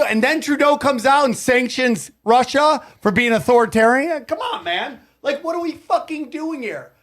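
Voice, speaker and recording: A man hosting a podcast in casual chat, ranting with a lot of swearing. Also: very high voice. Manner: profane, animated rants. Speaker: podcast host.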